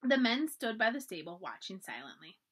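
A woman reads a children's chapter book aloud as a library storyteller, her voice expressive and animated. Her pitch moves a lot, rising and dipping through the narration. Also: normal speed, slightly rough.

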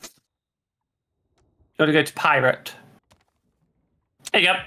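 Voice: mid-range voice, takes it slowly, bright, forceful tone. A co-player chatting casually and explaining game menus with many hesitations. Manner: helpful, explaining, hesitant with fillers. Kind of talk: casual gameplay chat.

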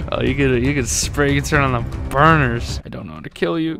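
A young man giving excitable let's-play gaming commentary, swearing often and laughing a lot. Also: on the high side, brisk, soft background music. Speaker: gaming YouTuber.

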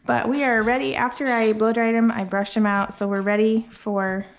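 A woman's voice: on the high side, little pitch movement, moderate pace, dull audio. A young woman grooming a dog, casually explaining her steps and cooing at the dog in between. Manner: chatty, talks baby-talk to the dog between explanations. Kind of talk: casual vlog narration while grooming. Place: grooming room with dryer and clippers running. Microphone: camera mic set up in the room. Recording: clipper and dryer noise behind the voice. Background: hair dryer and electric clippers.

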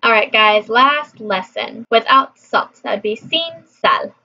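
A woman records a casual practice vlog, sounding out phrases and talking to her viewers in an easy, chatty way. Her voice sits a touch high and moves at an unhurried pace. The recording is dull and lo-fi. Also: gravelly, bright, forceful tone, faint music behind. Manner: chatty, repeats app phrases aloud. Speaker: language learner vlogger. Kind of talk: casual chat.

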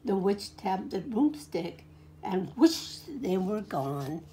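A woman in her forties reading a picture book aloud to a child, gently stopping to point things out and ask questions. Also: mid-range voice, very animated, takes it slowly, slight background noise. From California, USA. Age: 40s.

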